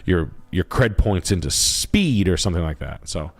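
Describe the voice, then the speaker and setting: Guy streaming, kinda low voice, rambly and swears a lot, jokey. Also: big pitch swings, moderate pace. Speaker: livestream host, realtor. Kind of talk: loose, crude banter on a live stream.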